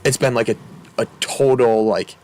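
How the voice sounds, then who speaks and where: A young man in his twenties talks as a podcast guest, telling a personal story in a loose, rambling way. He's candid and chatty, stacking fillers and laughing often, at a middling pitch. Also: moderate pace, darkish tone. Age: 20s. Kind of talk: casual storytelling.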